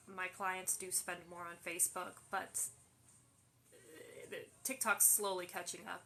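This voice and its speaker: Bright-voiced woman answering live questions. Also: mid-range voice, a little hiss or hum. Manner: reads questions aloud then answers, many fillers. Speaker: host answering viewer questions. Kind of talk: casual live Q&A. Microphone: phone livestream.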